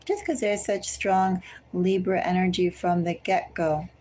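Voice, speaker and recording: A woman giving a collective tarot reading, speaking slowly and deliberately and repeatedly addressing the listener by star sign. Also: lowish voice, steady tone, darkish tone, low-quality recording. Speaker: tarot reader.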